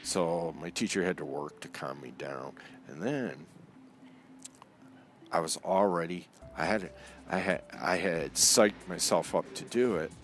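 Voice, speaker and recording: A man telling a personal story in a casual, animated way, acting out the voices of people he quotes. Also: low-pitched, a little slow, soft background music.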